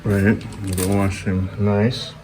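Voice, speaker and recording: A man's voice: fairly low pitch, flat delivery, slow. A man with a Jamaican accent, hosting a casual vlog and chatting to himself as he works around his yard and kitchen. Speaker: vlog host. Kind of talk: casual outdoor vlog talk. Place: backyard and home kitchen. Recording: noisy outdoor background.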